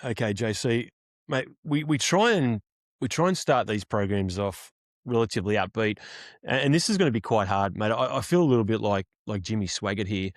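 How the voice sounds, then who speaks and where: An Australian man in his forties co-hosting a sports podcast, with a fairly low voice and a mock-solemn, self-deprecating way of talking. He calls his co-host "mate" again and again. The recording is dry and close, with little room sound. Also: expressive, moderate pace, dry recording. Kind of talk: casual sports podcast chat.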